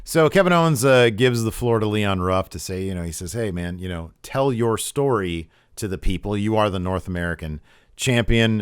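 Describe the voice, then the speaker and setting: A man co-hosting a podcast, recapping wrestling in casual chat and acting out quotes with lively raised voices. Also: on the low side, moderate pace, smooth, no room sound, clean studio sound. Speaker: podcast co-host.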